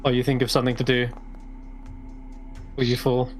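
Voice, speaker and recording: Acting as dungeon master for a tabletop game, a man narrates in an easygoing, somewhat rambling way with fillers. His middling-pitched voice keeps a moderate pace, with soft music faintly in the background.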